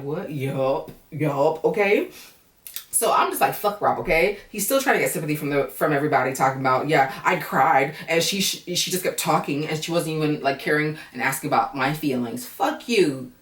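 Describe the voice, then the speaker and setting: A woman with a low-set voice talks through a reality show recap for her viewers, animated and swearing freely. She is caught by a camera mic some distance off, in a room with a lot of echo. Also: fairly quick. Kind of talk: casual profane commentary. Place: home room, camera on battery.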